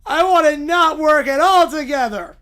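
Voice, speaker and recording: A grumpy little cartoon bear cub, put on by a man, complains about everything in a raised, whiny voice. He stretches his words out slowly and tips into near-shouting whenever something annoys him. The tone stays cranky and put-upon from start to finish. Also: very high-pitched, voice pushed up. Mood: whiny complaining. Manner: drawn-out, loud, near-shouted protests.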